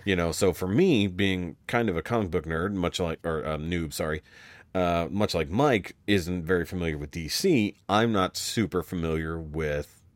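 Deep-voiced rambling podcast man. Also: moderate pace, no echo. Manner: rambling, swears a lot, many restarts. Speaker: podcast co-host. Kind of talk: casual chat.

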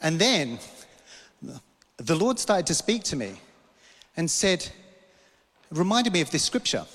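A British man preaching a sermon. He tells a personal vision in a meandering way, stopping himself and tossing in jokes. His voice sits a little high for a man, and it carries a long reverb from a large hall. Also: very animated, slow, a bit bright. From Britain. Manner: storytelling, rambling, self-interrupting, joking asides. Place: church hall.

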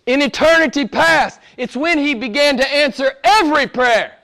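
A middle-aged man, a pastor preaching a sermon, swinging from loud emphatic lines to soft low asides. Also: lively intonation, normal speed.

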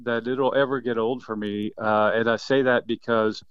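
A man's voice: medium pitch, moderate pace, clean tone, no room sound, muffled recording. Enthusiastic fifty-something man telling stories. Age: 50s. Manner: enthusiastic, animated storyteller who laughs often. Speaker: quail biologist and researcher. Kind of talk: casual interview chat.

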